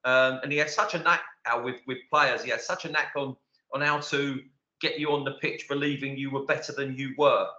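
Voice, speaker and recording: A man's voice: mid-range voice, fairly even intonation, brisk. A man in his sixties reminiscing as a podcast guest in a chatty, casual way. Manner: chatty, warm recollection with fillers. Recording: roomy, dull remote audio.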